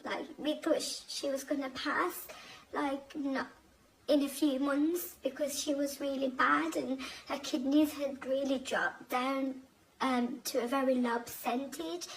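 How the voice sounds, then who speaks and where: A young woman telling a personal family story in a halting, emotional way, with many restarts. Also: high-pitched, fairly even intonation, gravelly, a little hiss or hum, rough recording. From Bangladeshi family. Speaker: guest telling her conversion story.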